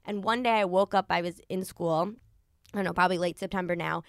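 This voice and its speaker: Here the same kind of rambling, casual personal story comes from a woman in her early twenties who hosts a podcast, full of "like" and thoughts quoted aloud. She's a fast talker with a lowish, fairly even voice, and the studio recording is clean with no room sound.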